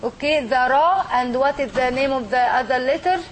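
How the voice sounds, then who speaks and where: A crowd murmurs in the background while a woman with a high-pitched voice teaches at a moderate pace. She is a language teacher guiding a group of students, patiently modelling sounds and asking "okay?".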